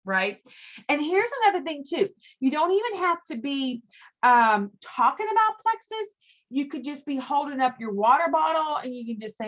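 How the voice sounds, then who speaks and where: A woman's voice: sits high, expressive, moderate pace, a bit bright, muffled recording. A middle-aged woman leading a team training call, talking in a chatty, emphatic way that often repeats words for stress. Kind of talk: motivational training talk.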